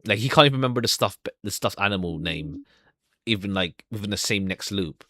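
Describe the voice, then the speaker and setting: A man casually commenting on a video game as he plays, rambling with halting filler words. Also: on the low side, lively intonation, pushed and bright, no echo, studio quality. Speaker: let's play gamer. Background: background music.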